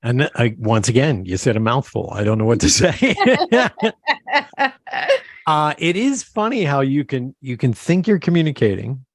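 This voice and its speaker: Animated male host telling a story, dry sound. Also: medium pitch, brisk, few pauses, no room sound. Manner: animated storyteller who acts out quotes. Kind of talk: interview conversation, storytelling.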